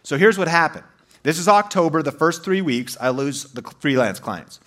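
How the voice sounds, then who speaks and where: Male presenter, storytelling, slightly high, bright forceful voice, animated and emphatic. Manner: animated, fast and emphatic, with many fillers and restarts. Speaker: YouTube creator telling his story.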